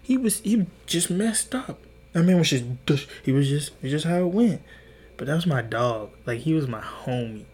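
This man's voice is fairly high yet darkish, expressive and breathy-edged, at a normal speed. He's a podcast host in his twenties delivering a casual storytelling monologue that's rambling and profane, with restarts and quotes acted out.

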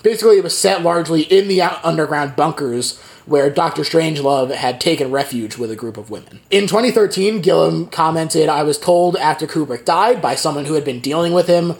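A man's voice: a little high, a little fast, vocal fry. A man hosting a podcast, recapping a film in casual chat and laughing often. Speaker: podcast host.

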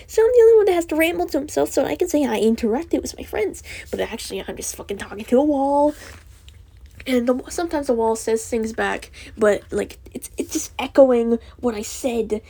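A young woman hosts her own podcast alone, rambling and swearing as she vents. Her fairly high voice swings widely in pitch, and she keeps breaking into laughter. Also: creaky, mellow, slightly rough. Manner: profane, rambling, laughing through angry venting. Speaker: podcast host. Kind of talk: casual solo podcast rant.

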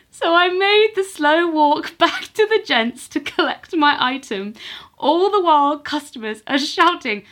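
A woman's voice: sits high, animated, a little slow, fairly bright tone. Giggly woman reading a story aloud. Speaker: podcast co-host. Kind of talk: casual chat and reading a listener's story aloud.

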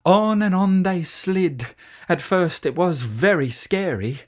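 A storyteller reading a children's story aloud in an expressive, animated way. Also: medium pitch, slow.

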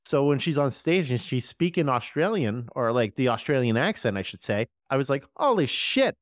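A man hosting a horror movie podcast in casual chat, excited and swearing freely. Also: medium pitch, brisk, no room sound, studio quality. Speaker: podcast host.

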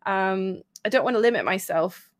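A woman speaking as a guest therapist in a casual podcast chat, encouraging and quick to laugh as she explains fear. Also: mid-range voice, no room sound, studio quality.

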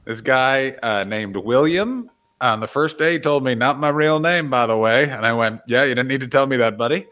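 A Canadian man riffs in a crude, rambling, joking way on a comedy podcast. He speaks at an average pitch. The sound is dry and close, recorded in a corner of his living room. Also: animated, moderate pace, fairly bright tone, dry recording. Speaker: podcast co-host. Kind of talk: casual comedic chat.

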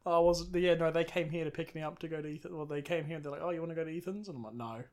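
A man's voice: on the high side, rapid-fire, a little mellow. A young man co-hosting a podcast, chatting in a laid-back way with short replies. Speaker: podcast co-host. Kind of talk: casual chat.

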